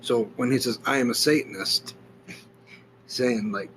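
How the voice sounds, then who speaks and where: A man's voice: mid-range voice, measured pace, long pauses, fairly bright tone, slight background noise. A man hosting a solo podcast, reading passages aloud and commenting on them in a casual, blunt way that includes swearing. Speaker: podcast host.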